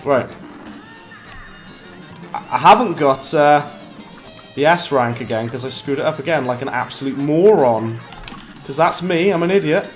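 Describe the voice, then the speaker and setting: A British man giving chatty live commentary while streaming a game, mocking himself and breaking into quick bursts of frustration. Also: on the high side, soft background music.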